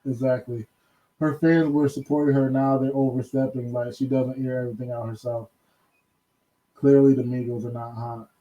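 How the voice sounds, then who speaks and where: A man's voice: medium pitch, little pitch movement, moderate pace, mellow, muffled recording. A man hosting a casual commentary show on celebrity news, chatting loosely and breaking into laughing asides. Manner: chatty, laughing asides, reads quotes aloud. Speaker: host.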